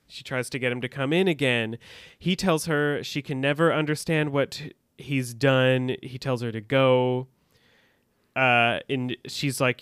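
A man's voice: mid-range voice, unhurried, fairly bright tone, smooth, no echo, clean studio sound. A man co-hosting a podcast, recounting scenes casually and reading out dialogue with a bit of drama. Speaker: podcast co-host. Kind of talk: casual recap chat.

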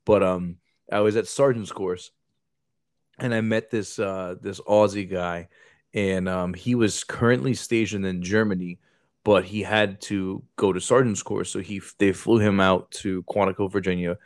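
Laid-back man telling a loud war story. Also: sits low, unhurried, no echo, clean studio sound. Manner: animated, swearing, acts out quotes in raised voices. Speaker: podcast host. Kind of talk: casual storytelling.

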